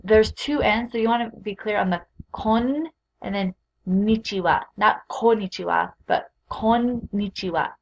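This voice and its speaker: A woman teaching a recorded beginner language lesson, speaking clearly and patiently as she leads repeat-after-me drills. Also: mid-range voice, moderate pace, highs cut off. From Utah.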